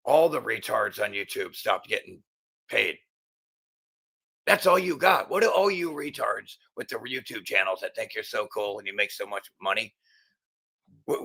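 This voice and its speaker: A middle-aged man hosts his own angry monologue, his voice strained and piercingly tense. He swears constantly, restarts his sentences and presses on in agitation. A gravelly rasp runs under his low voice. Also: bright, forceful tone. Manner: profane, agitated, stumbling restarts. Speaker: channel host.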